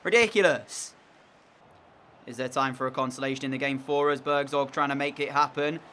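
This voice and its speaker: A man's voice: mid-range voice, fairly quick, pushed and bright, a little hiss or hum. A young man commentating on his own video game match in an exasperated, sarcastic way. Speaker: gaming commentator.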